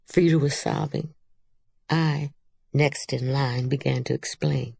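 A woman narrating a literary audiobook in a measured, unhurried reading. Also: a bass voice, fairly even intonation, gravelly, dark tone, breathy edge, dry recording.

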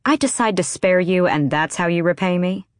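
A woman's voice: lowish voice, lively intonation, normal speed, dry recording, clean studio sound, natural voice. A woman reading the part of a cold, defiant young woman assassin with a cutting, sardonic manner. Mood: mocking.

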